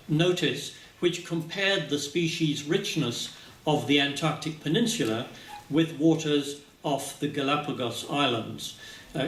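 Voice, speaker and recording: A man giving a scientific talk at a symposium, speaking haltingly with many filler sounds, recorded from a distance in a lecture hall. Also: on the high side, a bit bright. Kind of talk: conference presentation. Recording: echoey hall, speaker far from mic.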